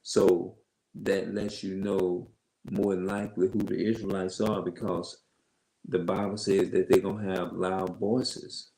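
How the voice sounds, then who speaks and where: A man with a heavy, loud voice reads Bible verses slowly and emphatically, stopping to explain them in his own words as an online religious teacher. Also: sits low, level tone, vocal fry, echoey room, low-quality recording. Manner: slow, emphatic, repeats himself. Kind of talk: Bible reading with loose commentary.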